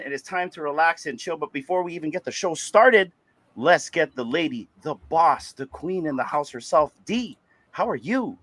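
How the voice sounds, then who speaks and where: A man co-hosting a livestreamed podcast, hoarse from losing his voice, talking in an upbeat, loose way with casual swearing. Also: on the high side, lively intonation, normal speed, fairly bright tone. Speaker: podcast co-host.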